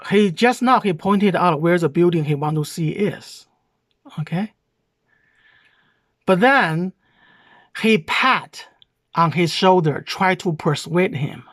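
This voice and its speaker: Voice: medium pitch, a bit bright. A video commentator with a Chinese accent, reacting to a clip, explaining it word by word and often asking "okay?" in a heated, accusing way.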